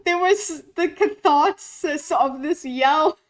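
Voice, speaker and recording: A woman's voice: high voice, slow, rough recording. A woman streamer giving live reaction commentary on a debate, giddy and laughing through her words, swearing casually.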